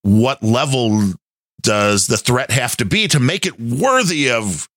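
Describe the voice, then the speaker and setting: A man's voice: medium pitch, animated, takes it slowly, a bit bright, dry recording, studio quality. A man hosting a podcast, chatting in a rambling, conversational way. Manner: rambling, conversational, many fillers. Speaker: podcast host. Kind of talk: casual chat.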